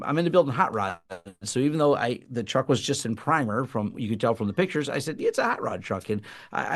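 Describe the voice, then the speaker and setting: A man co-hosting a tech podcast, telling a funny story in a casual, animated way and laughing as he goes. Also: medium pitch. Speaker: podcast co-host.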